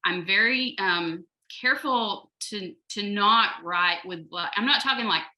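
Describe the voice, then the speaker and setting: A woman's voice: medium pitch, unhurried, pushed and bright, poor audio. A woman with a North Georgia Southern accent, chatting on a panel as a novelist, laughing often. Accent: Southern American, North Georgia. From North Georgia, USA. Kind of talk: casual panel discussion.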